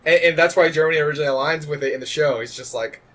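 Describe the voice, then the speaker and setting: A man's voice: fairly high pitch, racing, fairly bright tone. A man co-hosting a podcast, chatting casually and rambling with frequent restarts. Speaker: podcast co-host. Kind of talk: casual chat.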